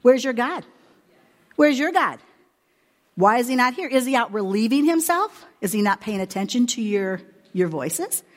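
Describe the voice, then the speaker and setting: A woman voicing a bold male prophet, taunting loudly in a raised voice. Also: medium pitch, moderate pace, big-room sound, natural voice. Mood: mocking. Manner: taunting, loud.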